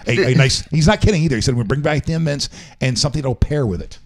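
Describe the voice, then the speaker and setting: A man's voice: medium pitch, lively intonation, fast talker. A man hosting a casual talk show, chatting loosely with many ums and uhs. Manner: rambling, frequent ums and uhs. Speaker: host. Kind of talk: casual morning show chat.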